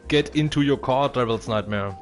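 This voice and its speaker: A man's voice: mid-range voice, normal speed, soft background music. A man commentating a racing stream in casual chat, hesitant and full of fillers.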